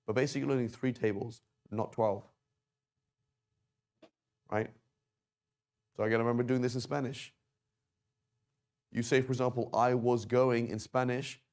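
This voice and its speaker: Standing at the whiteboard, this male Arabic teacher walks students through verb conjugation with patience, frequently asking "right?" or "okay?". He speaks in a mid-range, somewhat mellow voice.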